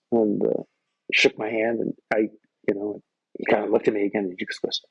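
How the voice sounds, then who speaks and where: Gravelly man telling a story. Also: lowish voice, fairly quick, pauses often, dry recording, low-quality recording. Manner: loose, profane, animated anecdote telling. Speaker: guest musician. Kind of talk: casual storytelling.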